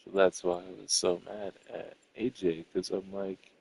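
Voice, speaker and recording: A man's voice: low-pitched, flat delivery, unhurried, vocal fry, few pauses, darkish tone, breathy edge, rough recording. A young man in a casual, rambling rant, profane and irritated as he tells what happened between him and his friends. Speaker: storyteller venting to a friend.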